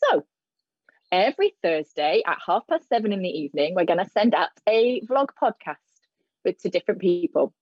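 Woman interpreter, hesitant low-pitched voice. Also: lively intonation, moderate pace, a little mellow, husky, no echo, lo-fi sound. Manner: hesitant, many fillers and restarts. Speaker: sign language interpreter voicing for a deaf host. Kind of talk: live spoken interpretation of signed talk. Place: indoors in front of a plain grey backdrop. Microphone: video call.

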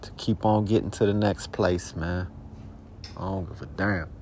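A man's voice: low voice, fairly even intonation, moderate pace, slight background noise. A young man hosting a podcast, talking alone in a rambling, profane, streetwise way, now and then flaring into heated questions. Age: young adult. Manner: heated bursts into shouted questions. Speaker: podcast host. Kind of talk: casual monologue.

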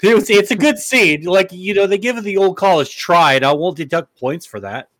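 A man's voice: sits high, moderate pace, fairly bright tone, dry recording. A man co-hosting a podcast, chatting casually with wry, joking asides. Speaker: podcast co-host. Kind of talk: casual chat.

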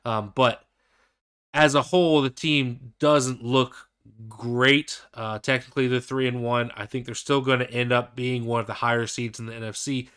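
A young man co-hosts a laid-back football podcast, his voice bright and forward with a smooth, crisp tone. He rambles a little and restarts his sentences as he thinks aloud. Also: medium pitch, steady tone, normal speed. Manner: rambling, hesitant restarts and fillers. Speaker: podcast co-host. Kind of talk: casual sports podcast chat.

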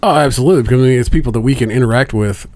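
A man's voice: mid-range voice, rapid-fire, a little mellow, dry recording. A man co-hosting a podcast, chatting casually, swearing freely and laughing often. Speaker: podcast co-host. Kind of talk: casual chat.

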